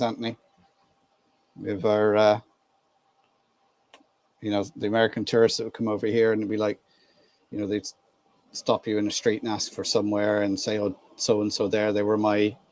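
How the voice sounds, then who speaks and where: A man's voice: on the low side, a little mellow. A man from Ireland hosting a casual live stream, chatting and laughing with viewers while he works on a model train. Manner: chatty, laughs easily, greets viewers by name.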